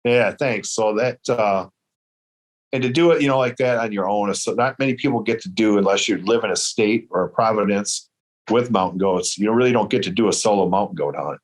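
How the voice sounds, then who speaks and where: A man from Michigan tells a story at an easy pace, wandering a little and dropping into other people's voices as he quotes them. His voice sits on the low side. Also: a little fast. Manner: relaxed, rambling, acts out quoted voices. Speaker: guest, traditional bow hunter. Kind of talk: casual storytelling.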